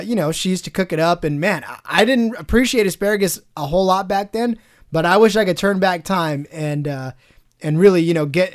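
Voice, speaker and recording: A man co-hosting a podcast, talking with folksy enthusiasm and lots of fillers. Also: on the high side. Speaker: podcast co-host. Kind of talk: casual chat.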